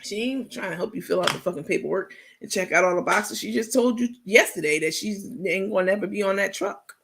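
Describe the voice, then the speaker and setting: Woman host on a late-night livestream, gravelly, sassy, salty, laughs easily, reads the comments. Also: medium pitch, animated, a little fast, a bit bright, slight background noise. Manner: reads and answers viewer comments.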